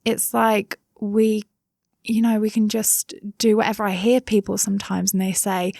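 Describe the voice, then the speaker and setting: A woman's voice: mid-range voice, level tone, moderate pace, creaky, a little mellow, dry recording, studio quality. A woman in her thirties with a Somerset English accent, chatting casually as an interview guest, with many fillers and asides. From England.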